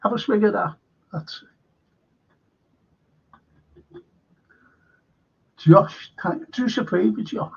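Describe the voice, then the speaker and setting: A high-pitched, darkish male voice with vocal fry and a breathy edge, delivered a little slowly, belongs to a historian from Liverpool, England hosting a casual livestream. He chats in a rambling way, curses freely and reads viewer comments over dull lo-fi stream audio.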